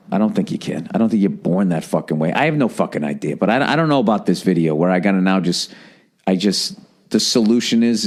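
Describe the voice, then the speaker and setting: A man with a lowish, slightly mellow voice hosts a podcast solo, rambling casually and sounding exasperated. He swears often, keeps interrupting himself mid-sentence, and slips into mocking put-on voices.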